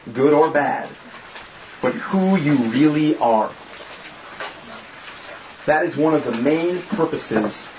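A man's voice: medium pitch, a little hiss or hum. Guy preaching to a small group, chatty and jokey but earnest, roomy echo, kinda dull audio. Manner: casual, joking, earnest preaching. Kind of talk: informal sermon and prayer. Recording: echoey room, slightly dull sound.

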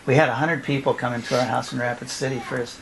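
A man's voice: medium pitch, steady tone, quick pace, gravelly. A middle-aged man, a former youth pastor, telling a personal testimony at a church event, laughing often and acting out his children's voices. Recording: noisy live recording.

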